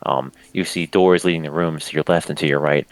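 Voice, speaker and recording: A man's voice: rumbling low, fairly even intonation, a little fast, no echo, rough recording. A man narrating a tabletop game as game master, in a loose, rambling way with restarts.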